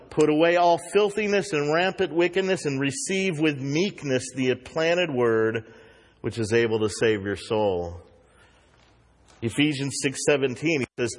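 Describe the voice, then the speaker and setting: A male pastor delivers an earnest sermon in a slightly high voice. He climbs higher and grows louder as he presses a point home. His words ring out with the long reverb of a church hall.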